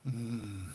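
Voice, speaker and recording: With a gravelly, dark, slightly rough mid-range voice, this man from northern England runs a relaxed livestream. He talks with his viewers, reads out their comments and frequently laughs.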